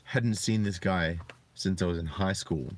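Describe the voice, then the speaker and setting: A man in his thirties talking earnestly and reflectively to viewers on a live stream, often halting to find his words. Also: low voice. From Australia. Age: 30s. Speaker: channel host. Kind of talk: live-streamed personal talk.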